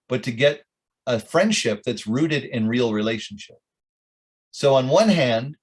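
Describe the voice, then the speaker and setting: A middle-aged rabbi telling stories with jokes and asides to his audience at a club meeting. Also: medium pitch. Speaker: rabbi, guest speaker. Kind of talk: informal talk at a club meeting.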